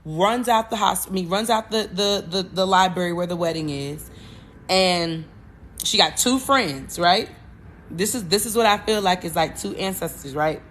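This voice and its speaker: A woman hosting a podcast, retelling a movie plot in a loose, animated way, with cursing and frequent self-corrections. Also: fairly low pitch, normal speed, a little hiss or hum. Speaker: podcast host.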